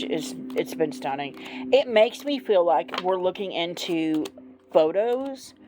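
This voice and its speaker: A middle-aged woman reviewing tarot decks in a casual, gushing vlog, giggling often and using plenty of fillers. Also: sits low. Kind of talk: casual show-and-tell vlog. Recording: noticeable background noise.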